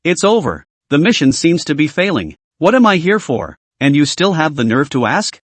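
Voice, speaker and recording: A man's voice: a little high, very animated, moderate pace, no room sound. A man reading a smug scheming young cadet. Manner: mocking, cold-laughing.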